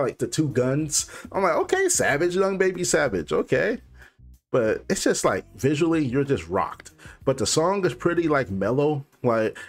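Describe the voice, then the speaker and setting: Young male reaction host, casual and rambly, average pitch, light music underneath. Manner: loose, rambling, full of "like" fillers.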